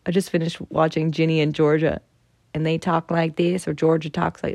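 A woman's voice: low-pitched, steady tone, fairly quick, gravelly, darkish tone, dry recording, studio quality. A young adult woman hosting a podcast, chatting casually and enthusiastically as she signs off, swearing freely and padding her talk with fillers. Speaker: podcast host. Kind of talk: casual podcast sign-off and promo.

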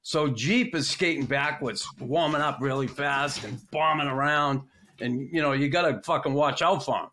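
A man's voice: fairly high pitch, normal speed, pushed and bright, slight background noise. A man hosting a podcast, telling profane locker-room anecdotes in a casual, laughing way. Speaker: podcast host. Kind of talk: casual storytelling chat.

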